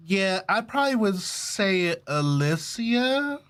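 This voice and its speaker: A man's voice: fairly high pitch, lively intonation, a little slow, fairly bright tone. A man casually commenting on a game he is playing, chatty, joking and profane. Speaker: gaming streamer. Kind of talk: casual let's-play commentary.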